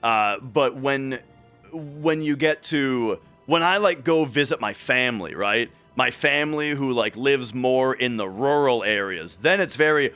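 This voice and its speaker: A man's voice: mid-range voice, animated, unhurried, bright, forceful tone, clean tone, soft background music. A man from Minnesota with a light Minnesotan accent, chatting casually on a speedrun stream and restarting his sentences often. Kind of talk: casual livestream chat.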